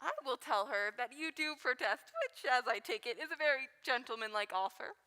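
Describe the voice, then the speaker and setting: A woman voicing a fussy old nurse from a Shakespeare stage reading, rambling and teasing as she grumbles. Her voice sits high and bright. It rings with a long reverb, as if in a hall. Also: brisk. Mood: gossiping. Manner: rambling, complaining, chuckling. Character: garrulous older female nurse, fussy and teasing. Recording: long reverb on live stream.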